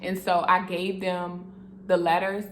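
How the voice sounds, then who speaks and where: A young woman giving a casual faith testimony to camera, earnest and animated, speaking straight to her viewers with emotion. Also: fairly low pitch, unhurried, a little hiss or hum.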